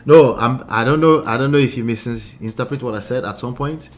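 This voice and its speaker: Speaking at a moderate pace in a mid-range voice, a relationship coach hosts his channel's livestream. He reads viewer comments aloud and answers them with emphatic, repeated points and rhetorical questions, often laughing and mocking the lines he quotes in put-on voices.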